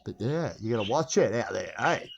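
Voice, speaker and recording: A man's voice: on the low side, animated, brisk, gravelly, lo-fi sound. Guy rambling into his phone, swears, keeps asking "right?", faint noise in the background. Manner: rambling, swearing, chuckling asides, rhetorical questions. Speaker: vlogger. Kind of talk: rambling casual monologue to camera.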